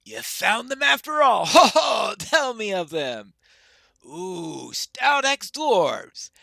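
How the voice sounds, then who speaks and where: A man voicing a hearty, proud male dwarf warrior who talks in a booming, excitable way. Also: slow, creaky, dry recording, full character voice. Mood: excited.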